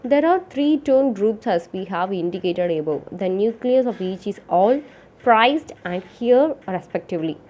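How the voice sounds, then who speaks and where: A woman reading a lecture text aloud in a steady, measured way, with some misreadings. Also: mid-range voice. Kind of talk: read-aloud lecture on English phonetics.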